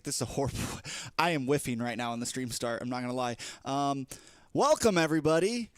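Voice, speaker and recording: A young man talks through the start of his livestream in a loose, rambling way, playful and a little scattered. His voice sits at an ordinary middle pitch. The sound is dry and close, with no room echo. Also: lively intonation, fast, few pauses, clean tone. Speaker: livestreamer and esports shoutcaster. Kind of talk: casual livestream chat.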